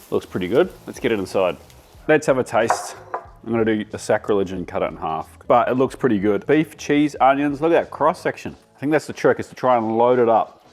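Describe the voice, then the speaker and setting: A man's voice: medium pitch, lively intonation, normal speed. An Australian man hosting a casual cooking demonstration, chatty and enthusiastic as he talks while he cooks. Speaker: cooking show host.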